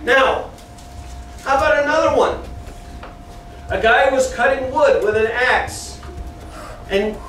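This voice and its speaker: A man with a strikingly high voice leads a children's Bible lesson, telling the story with animation and breaking off to keep the kids in line. He sounds far from the mic in a very echoey church classroom, with faint noise underneath. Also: takes it slowly, long pauses, a bit bright.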